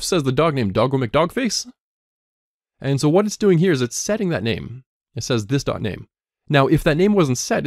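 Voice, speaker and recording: This coding instructor has a gravelly voice and teaches his lesson one step at a time, speaking the code out loud while typing. He moves his pitch up and down energetically, captured in clean studio sound without echo.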